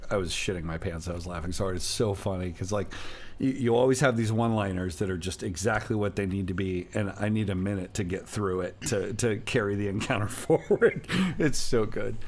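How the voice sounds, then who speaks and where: A man's voice: fairly low pitch, brisk, darkish tone. A man hosting a casual chat with his players as their game master, laughing often and talking with lots of fillers.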